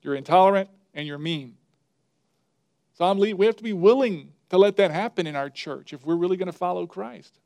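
A man preaches in an emphatic, folksy manner, his voice sitting a little high for a man. The sound is dry and close, with no room echo. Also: fairly quick, gravelly, darkish tone. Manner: emphatic preaching with a folksy parable, plays characters briefly. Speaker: pastor. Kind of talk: sermon.

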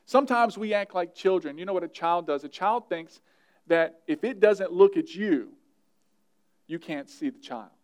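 Casting: male pastor, sermon delivery, high-pitched, earnest and conversational, light humor, hushes for prayers. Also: animated, moderate pace. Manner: earnest, conversational preaching with humor, drops to a soft voice for quoted prayers.

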